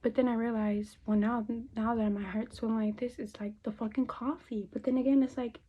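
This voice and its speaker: Brisk and husky, this young woman's fairly high voice keeps a fairly even intonation. An American beauty vlogger, she does her makeup while chatting casually, peppering her talk with swear words and bits of Spanish, all recorded as dull lo-fi phone audio.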